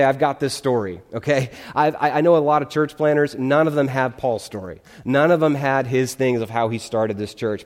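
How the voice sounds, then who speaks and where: A male pastor giving a conversational sermon in a church, often checking in with his listeners. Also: medium pitch. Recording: long hall reverb.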